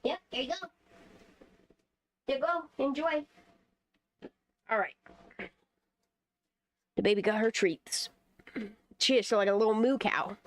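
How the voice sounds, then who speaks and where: A woman chatting casually at home while planning a garden, swearing freely and breaking into sweet high baby talk with her cat. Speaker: channel host.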